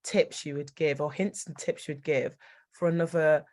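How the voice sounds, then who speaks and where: A woman hosting a podcast, asking questions and affirming her guest warmly. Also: low voice, steady tone, moderate pace. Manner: encouraging, affirming interviewer. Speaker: podcast host. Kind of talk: conversational interview.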